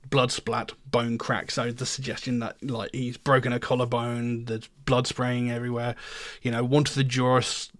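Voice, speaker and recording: A middle-aged man hosting a music reaction, talking in a rambling way and leaning on "you know" fillers. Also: mid-range voice. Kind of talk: casual reaction commentary.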